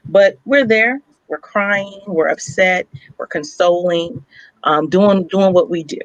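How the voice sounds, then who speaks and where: A woman's voice: on the low side, slow pace, no echo, muffled recording. A young woman co-hosting a talk show, telling a personal story in a blunt, heartfelt and emphatic way, with some swearing. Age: young adult. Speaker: radio show co-host.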